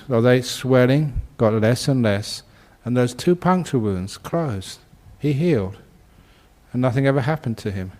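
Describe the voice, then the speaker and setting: In a dharma talk, a monk who also teaches tells a humorous tale in a casual, conversational style, with plenty of "you know"s and frequent chuckles at his own story. His voice is mid-range.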